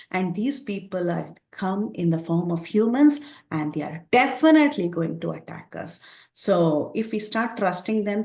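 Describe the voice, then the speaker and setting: A woman teaching a scripture class, retelling the story with lively quoted dialogue. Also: on the low side, echoey room.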